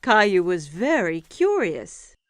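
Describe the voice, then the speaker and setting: A woman narrating a preschool cartoon story in a clear, expressive storytelling manner. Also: medium pitch, takes it slowly, dry recording.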